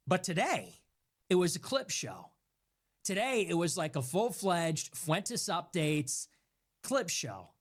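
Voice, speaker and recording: A man ranting through political commentary with a voice that swings widely in pitch, rising and falling as he hammers each point. His delivery is emphatic and accusatory, piling up words one after another. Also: a bit bright.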